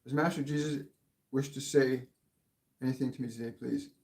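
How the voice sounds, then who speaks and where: A man hosting a live channeling session. He relays spirit messages in an earnest, measured way, laughs softly and often restarts his sentences. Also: medium pitch, fairly even intonation, gravelly. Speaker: spiritual medium and show host. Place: home living room. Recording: echoey room.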